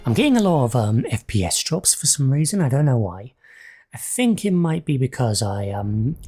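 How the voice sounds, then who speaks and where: A man's voice: mid-range voice, darkish tone, breathy edge. A young adult man casually commentating his own gameplay, swearing and reacting aloud as he fights. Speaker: gaming channel host.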